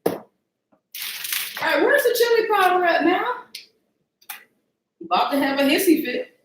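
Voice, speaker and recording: High-voiced chatty woman cooking host. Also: big pitch swings, unhurried, roomy sound, background noise. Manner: chatty and self-mocking, talks to viewers while searching the spice shelf. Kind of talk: casual live cooking stream chat. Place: home kitchen.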